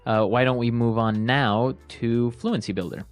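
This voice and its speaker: A man's voice: medium pitch, fairly even intonation, moderate pace, faint music behind. A man hosting an English lesson podcast, moving through the phrases with short prompts and recaps. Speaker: podcast host and English teacher.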